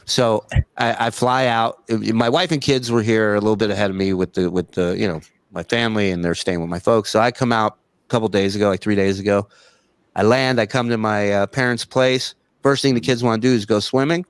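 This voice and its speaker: A man from Alabama co-hosting a podcast, telling a story in casual, animated chat and swearing freely as he acts out what people said. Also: fairly low pitch, brisk, smooth, dry recording. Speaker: podcast co-host.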